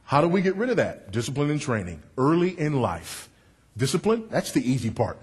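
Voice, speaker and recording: A middle-aged man preaching a sermon with a big voice, emphatic and wry, dropping low and rising loud for effect. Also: very animated, fairly quick, husky. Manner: confessional and wry, working the crowd.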